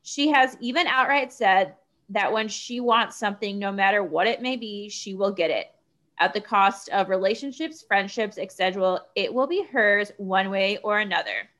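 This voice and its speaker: A woman's voice: medium pitch, moderate pace, fairly bright tone. Woman reading a post aloud steadily.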